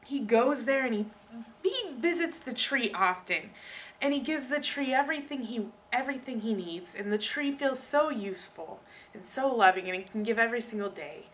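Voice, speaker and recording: A woman student giving a casual book talk, chatty and animated as she speaks straight to her audience. Her voice is bright and a touch high, and it sounds distant from the microphone. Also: moderate pace, a little hiss or hum. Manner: chatty, animated, addresses listeners directly. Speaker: student presenter.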